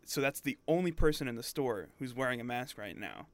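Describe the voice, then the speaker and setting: A man's voice: medium pitch, animated, brisk, dry recording. Laid-back young man, casual chat. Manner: laid-back, chuckling, agreeable. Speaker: podcast co-host.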